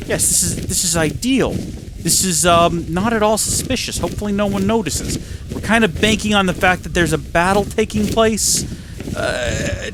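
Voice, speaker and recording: A man hosting a gaming channel, talking excitedly to himself and the game as he plays. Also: high voice, background noise. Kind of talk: let's-play commentary.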